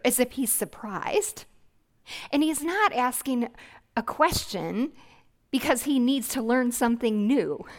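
A woman preaching a sermon, gentle, earnest and reflective, with soft hushed passages. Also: fairly high pitch, big pitch swings, takes it slowly.

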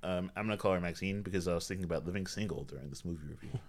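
A man with a somewhat low voice recaps a movie plot in a relaxed chat. He drops wry, dry jokes as he goes. His delivery is easygoing and conversational. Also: racing. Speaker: podcast co-host. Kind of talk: casual movie review chat.

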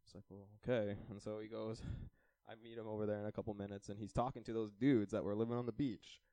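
In a dry recording, a young Canadian man speaks quickly in a lowish voice. He's a podcast co-host telling a lengthy holiday anecdote casually and animatedly, acting out the quoted lines and laughing often.

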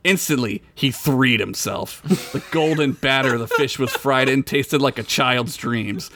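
A man's voice: mid-range voice, unhurried, bright, forceful tone, a little hiss or hum. A man reading a crude comic story aloud as podcast host, laughing often.

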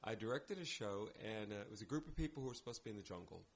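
A man's voice: on the low side, animated, rapid-fire. A man, a theater director guest on a podcast, telling anecdotes in casual chat and acting out the lines he quotes.

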